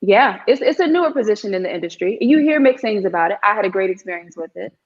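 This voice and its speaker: Animated woman guest, slightly dull audio. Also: medium pitch, fast. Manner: animated storyteller, frequent "you know what I mean". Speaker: guest actress. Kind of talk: casual interview chat.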